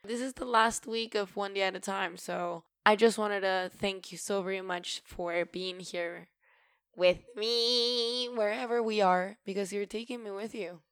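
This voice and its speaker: Gravelly-voiced woman podcaster. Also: medium pitch, steady tone, moderate pace, few pauses, no room sound, clean studio sound. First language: Spanish. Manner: chatty and emotional, swears casually, bursts of loud laughter-like emphasis. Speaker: podcast host. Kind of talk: casual solo podcast monologue.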